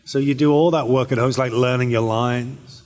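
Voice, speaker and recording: A man's voice: mid-range voice, normal speed. British man answering fans in an echoey hall. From Britain. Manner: relaxed, rambling, with many fillers and restarts. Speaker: actor and panel guest. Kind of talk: convention panel Q&A. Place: convention panel hall.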